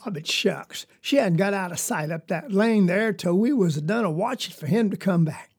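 A woman's voice: medium pitch, normal speed, darkish tone, husky. A woman with a Southern US accent playing a young farm girl who tells a story in a rambling, folksy, confiding way. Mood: earnest. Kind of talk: dramatic monologue.

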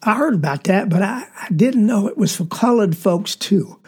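An old sharecropper with a Southern accent, put on by a woman storyteller, humble and hesitant. He stammers politely in a husky, mellow voice. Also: mid-range voice, expressive, normal speed. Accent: Southern American.

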